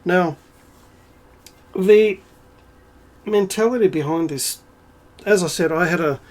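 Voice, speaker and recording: A man with a somewhat high voice rants to camera in a profane, sarcastic and indignant way. He keeps tossing out rhetorical questions and "um"s between jabs. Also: slow pace, a little mellow. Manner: rhetorical asides and frequent fillers. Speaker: video creator. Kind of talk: ranting monologue to camera.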